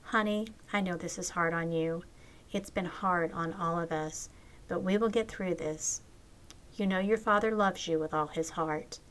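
Woman reading as a weary, gentle mother. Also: on the low side, fairly even intonation, measured pace. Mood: soothing. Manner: gentle, soothing. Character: weary divorced mother comforting her daughter.

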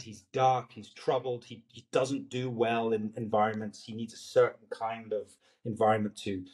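A man in his forties with a Scottish accent, a guest on a film interview, talking in a loose, rambling way and searching for words. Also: mid-range voice. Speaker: actor guest. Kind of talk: casual interview chat.

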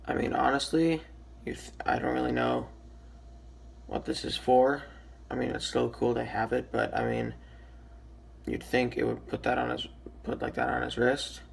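A young man with a raspy, just-woken-up voice, casually reviewing a toy with lots of ums and restarts. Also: medium pitch, level tone, normal speed, long pauses. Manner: hesitant, many ums and restarts.

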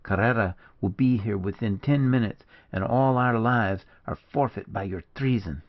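A man's voice: lowish voice, normal speed, lo-fi sound, close to an everyday voice. A man reading aloud, voicing a fierce, suspicious young male guerrilla in an audiobook. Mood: angry. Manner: harsh, angry outbursts.

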